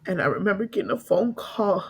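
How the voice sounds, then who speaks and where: Grieving woman recounting a loss, halting. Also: medium pitch, big pitch swings, husky. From California. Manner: emotional, halting, repeats herself, acts out quoted voices. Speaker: guest telling her story. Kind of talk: personal storytelling interview.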